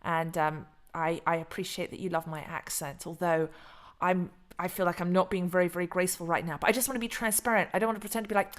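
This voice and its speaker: Chatty, excitable woman crypto host. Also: fairly low pitch, quick pace. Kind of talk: casual livestream commentary.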